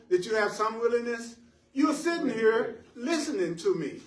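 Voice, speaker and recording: A man teaching a live spiritual class to listeners in the room, animated and playful, laughing at his own jokes and repeating phrases for emphasis. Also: very high voice, normal speed. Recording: roomy echo, voice picked up from a distance.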